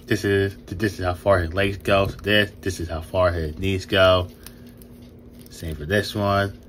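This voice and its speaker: An excitable young man hosts a casual toy review, tripping over his words and laughing between lines. His voice sits a little low but rings bright and forceful, and a faint hiss runs under it from the phone recording. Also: unhurried. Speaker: toy reviewer and channel host. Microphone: new phone camera.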